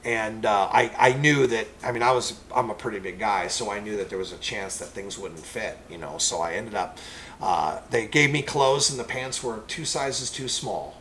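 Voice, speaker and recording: A man who is a preacher, telling a personal testimony story in a rambling, animated way. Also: on the low side, normal speed, slight background noise, poor audio.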